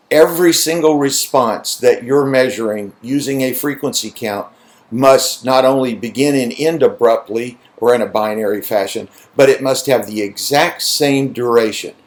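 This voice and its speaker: A man lecturing in a conversational way, posing rhetorical questions to his students. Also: medium pitch. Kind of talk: recorded lecture.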